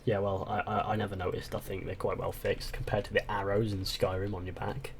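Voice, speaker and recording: A British man hosting a casual livestream chat, talkative and quick to swear and laugh. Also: fairly low pitch, level tone, a little hiss or hum. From Britain. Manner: chatty, swears and laughs freely. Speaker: channel host.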